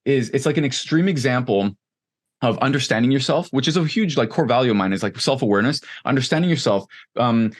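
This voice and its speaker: A man's voice: mid-range voice, fast. Rambling man with lots of fillers. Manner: rambling, many fillers like "like" and "um", animated asides. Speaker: podcast guest, online coach. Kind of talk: casual conversational interview.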